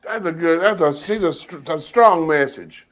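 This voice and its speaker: A man co-hosting a casual talk show, talking haltingly with restarts as he looks things up. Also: fairly high pitch, fairly bright tone, a little hiss or hum. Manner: halting, searching aloud, many restarts. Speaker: cartoonist co-host. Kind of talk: casual chat.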